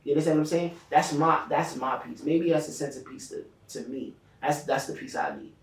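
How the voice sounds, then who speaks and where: A man's voice: fairly high pitch, sing-song, brisk. A man who DJs, co-hosting a casual podcast chat, rambling through profane stories. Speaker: DJ and co-host. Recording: echoey room, distant mic.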